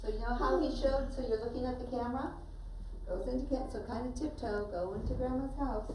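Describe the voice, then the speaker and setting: A woman's voice: fairly high pitch, fairly quick, darkish tone. A woman teacher narrating a story while directing children acting it out in a classroom. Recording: echoey room from far off, with noise.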